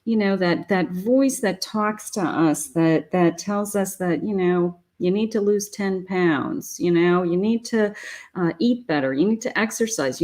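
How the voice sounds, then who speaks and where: A woman's voice: medium pitch, unhurried, a little mellow. A woman giving a live tarot reading, chatty and encouraging, talking straight to the viewer. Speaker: psychic tarot reader.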